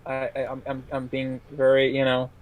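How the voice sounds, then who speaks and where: Halting man in casual film chat. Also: mid-range voice, monotone, low-quality recording. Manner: halting, many restarts and fillers. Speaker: podcast co-host, film critic.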